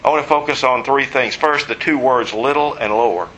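Bright-voiced preacher teaching a sermon. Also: male voice, medium pitch, fairly quick, slight background noise, poor audio. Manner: conversational, explanatory, joking asides.

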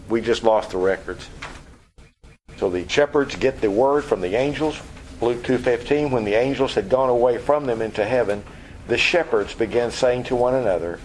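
A man preaching an expository Bible lesson, explaining word meanings and acting out scenes with lively energy. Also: medium pitch, slight background noise, low-quality recording. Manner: animated, acts out scenes. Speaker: pastor.

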